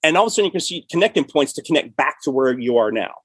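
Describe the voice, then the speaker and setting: A middle-aged man hosting a podcast, talking in a lively, loose way that keeps doubling back on itself. His voice is husky and a little breathy. The sound is dry and close, with no room echo. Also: on the high side, very fast. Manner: animated, restarts and repeats often. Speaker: podcast host and writer. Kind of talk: casual chat.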